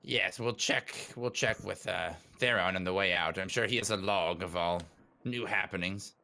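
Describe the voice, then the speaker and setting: A man's voice: sits low, normal speed, creaky, a little hiss or hum. A man playing a tabletop role-playing game, chatting with friends and slipping into his character's lines. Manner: lively, speaks in character and narrates own actions. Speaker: player. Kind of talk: tabletop role-play chat.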